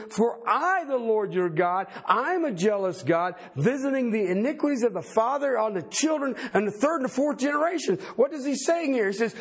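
A middle-aged man preaching a sermon in a folksy, animated way, with joking asides. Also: very high-pitched, slightly rough. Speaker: pastor.

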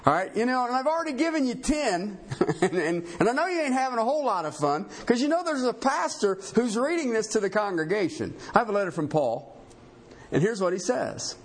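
A pastor preaching a sermon in an emphatic, animated way, often checking in with his congregation. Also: high voice, a little fast.

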